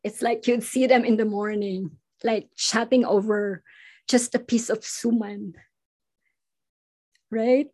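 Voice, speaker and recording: A slow-speaking woman with a slightly high voice, talking over a video call. She speaks haltingly and with feeling, often restarting her sentences. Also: steady tone, mellow. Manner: halting, emotional, many restarts. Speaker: Filipino restaurant owner. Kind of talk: emotional online panel talk.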